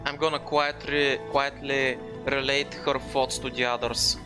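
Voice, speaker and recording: A man's voice: medium pitch, level tone, measured pace, music in the background. A man playing in a tabletop role-playing game, casual and swearing freely as he plans his character's moves. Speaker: player.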